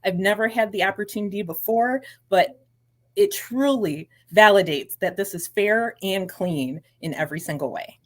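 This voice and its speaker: A woman's voice: medium pitch, moderate pace. A woman volunteer speaking on a live call, earnest and appreciative. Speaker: volunteer guest. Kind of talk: casual remarks on a live call.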